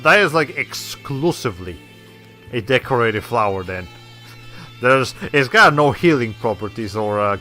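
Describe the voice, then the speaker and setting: Here the streamer sounds mid-range and sharp, chatting loosely through a let's play while gaming. His talk wanders, he fixes his own slips, and he lets out chuckles.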